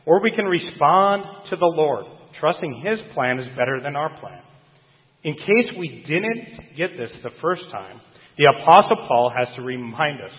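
A man preaching a sermon earnestly, putting emphasis on key phrases and slowing down on them. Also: medium pitch. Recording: phone-like sound with long hall reverb.

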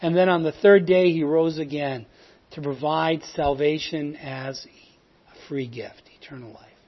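A man's voice: a little high, steady tone, a little slow. Earnest man teaching, lo-fi sound. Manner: earnest, storytelling, swings between emphatic and hushed. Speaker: evangelism teacher. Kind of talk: teaching evangelism technique. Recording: dull lo-fi recording.

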